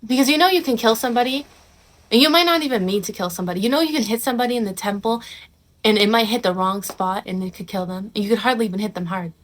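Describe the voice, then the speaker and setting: A woman's voice: fairly high pitch, fast. Sassy young woman giving blunt advice. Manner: blunt, sassy, calls the viewer honey and bro, swears; mocks others in quoted put-on voices. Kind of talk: casual advice talk to camera.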